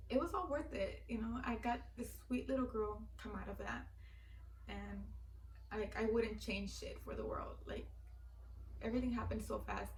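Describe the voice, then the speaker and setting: A woman's voice: fairly high pitch, echoey room, recorded from a distance, a little hiss or hum, low-quality recording. A young woman in her twenties telling a personal story in a casual, heartfelt way, full of fillers and a little teary. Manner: filler-heavy, heartfelt, repeats "like". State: teary-eyed. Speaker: vlogger.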